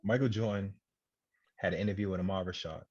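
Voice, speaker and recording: Low husky-voiced man in a sports chat. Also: fairly even intonation, fast talker, darkish tone, no room sound. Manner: agreeable, backs others up with short affirmations. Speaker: podcast co-host. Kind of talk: casual sports debate. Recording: dull low-fi home podcast audio.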